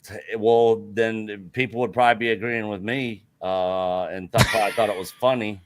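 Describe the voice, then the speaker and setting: A man with a very deep voice co-hosting a casual livestream chat. He gives blunt, dismissive opinions with a laugh. The sound is dry and close to the mic. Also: fairly even intonation, moderate pace, smooth, dry recording. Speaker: co-host.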